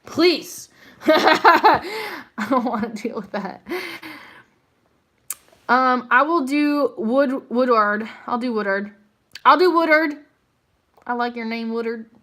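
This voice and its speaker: A woman's voice: a little high, slow pace, long pauses, a bit bright. A young woman hosting a casual live psychic reading stream, chatty and slangy, full of fillers and frequent laughter. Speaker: psychic livestream host.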